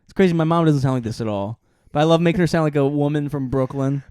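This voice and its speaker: A man's voice: a little high, fast talker, warm tone, clear, resonant tone, no echo, studio quality. A young man co-hosting a comedy podcast, teasing and laughing through casual banter. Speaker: podcast co-host.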